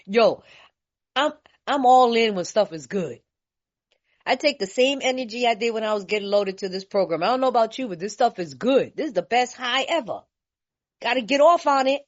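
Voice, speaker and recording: A woman from California sharing her story at a recovery meeting, blunt, animated and laughing, with streetwise talk. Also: on the high side, normal speed. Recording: dull lo-fi recording.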